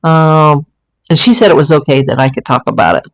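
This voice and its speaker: Speaking fairly quickly in a somewhat low voice, a woman runs a casual livestream from her home room, which has a green screen and ring light. Her chatty, rambling talk is packed with fillers and restarts as she addresses her viewers directly, and the recording is low quality.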